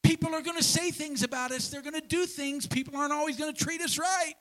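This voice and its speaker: A man preaching a sermon in a church, folksy and animated, with homespun examples and repeated phrases. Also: very high voice, fast talker, low-quality recording. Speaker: pastor.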